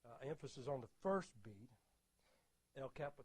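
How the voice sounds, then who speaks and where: A man's voice: medium pitch, animated, normal speed, slight background noise. An older man giving a spoken lecture on rhythm, explaining and counting beats aloud with emphasis. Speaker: lecturer on music. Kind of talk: spoken lecture with audio clips.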